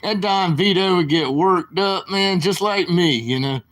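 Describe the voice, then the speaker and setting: Slow rambling guy chatting on his stream, kinda high voice, keeps saying sorry. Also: a bit bright. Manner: rambling, apologetic, slow-talking. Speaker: live streamer. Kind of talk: rambling casual live-stream chat.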